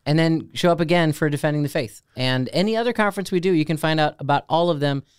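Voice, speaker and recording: A man's voice: a little high, fast talker, smooth, no room sound, studio quality. A man co-hosting a casual podcast, joking around and reading an ad with playful asides. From Ohio, United States. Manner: playful, jokey, lively delivery. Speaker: podcast co-host. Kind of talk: casual chat with a read ad.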